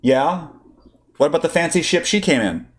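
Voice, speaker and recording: A man's voice: a little high, animated, moderate pace, pitched above the performer's own voice. A man voicing a blunt, sardonic young woman in a read-aloud story. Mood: skeptical. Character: sharp-tongued young woman, senator turned mechanic.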